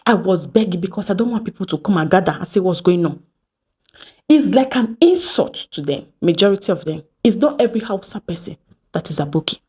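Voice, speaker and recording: A Nigerian woman in her thirties from Edo State, telling stories to camera in a lively vlog, slipping into Pidgin and acting out what people said. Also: fairly low pitch, fairly quick, breathy edge. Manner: animated, mixes Pidgin phrases, acts out quoted exchanges. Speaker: vlogger. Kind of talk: casual storytelling to camera.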